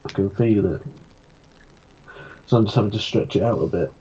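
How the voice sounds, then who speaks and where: A man's voice: fairly low pitch, moderate pace, warm tone. Laid-back man, muffled audio with hiss. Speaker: channel host. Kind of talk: casual chat.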